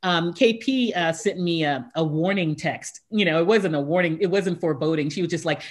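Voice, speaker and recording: A woman hosting an interview, excitably telling a story and acting out her own reactions with frequent laughs. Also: fairly low pitch, fairly quick, few pauses. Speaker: talk show host, voiceover artist. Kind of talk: casual interview chat.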